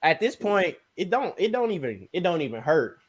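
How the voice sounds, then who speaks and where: Young man telling a story animatedly. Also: moderate pace. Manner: animated, slangy, sound words like "boom, bam". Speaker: podcast guest, basketball player. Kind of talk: casual storytelling.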